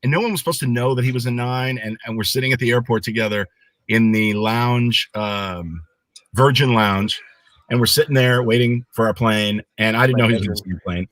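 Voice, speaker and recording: Animated middle-aged man telling a story. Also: medium pitch, fairly quick, no room sound. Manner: animated storyteller who acts out the voices in his anecdotes. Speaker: guest. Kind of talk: casual chat on a live stream.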